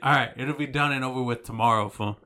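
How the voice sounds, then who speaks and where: A man's voice: medium pitch, fast talker, pushed and bright, smooth. A man co-hosting a podcast in casual, crude banter, teasing his friend and swearing. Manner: teasing, profane, calls friend fool. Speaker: podcast co-host.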